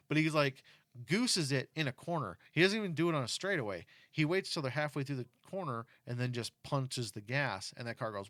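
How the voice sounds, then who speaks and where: A middle-aged man chatting casually with his kid, telling stories in an animated way and turning earnest and cautionary on safety. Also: mid-range voice, brisk, dry recording, studio quality. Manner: animated storyteller who acts out quotes; earnest and cautionary when talking about safety. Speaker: parent talking with his kid. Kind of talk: casual chat.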